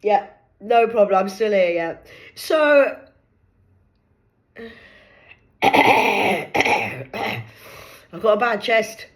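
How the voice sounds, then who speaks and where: A woman's voice: medium pitch, lively intonation, extremely slow, long pauses. A woman from the north of England with a County Durham accent, telling a mocking story to the camera, swearing freely and acting out both sides of a phone call. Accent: County Durham English. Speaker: social media creator. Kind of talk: sarcastic storytelling monologue.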